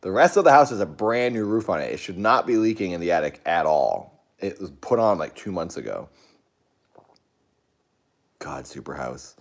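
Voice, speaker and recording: Streamer host, man, low voice, animated swings, chatty and rambling with excited yelps. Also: moderate pace, gravelly. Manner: rambling, talks to chat, jumpy outbursts. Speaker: live streamer. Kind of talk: casual live-stream chat.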